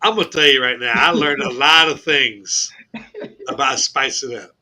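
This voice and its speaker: Bright-voiced storytelling man on radio. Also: mid-range voice, normal speed. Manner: animated storyteller, swears, laughs and shouts. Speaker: co-host. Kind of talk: casual sports radio banter. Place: radio studio.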